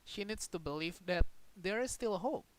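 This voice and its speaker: A game streamer, reading a story game's text aloud in a dramatic way, with sudden loud outbursts. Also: mid-range voice, expressive, normal speed, smooth, no room sound, low-quality recording. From Indonesia.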